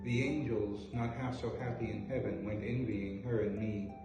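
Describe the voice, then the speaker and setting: A man hosting a video, reading poetry aloud with a theatrical, drawn-out delivery. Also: lowish voice, steady tone. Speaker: host. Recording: echoey room from far off, faint music.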